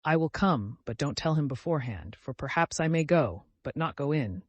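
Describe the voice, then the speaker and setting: A man's voice: a little high, animated, moderate pace, no echo. A man voicing a proud, distressed young woman in an audiobook, with his voice raised and tense as she pleads and refuses. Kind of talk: audiobook character reading.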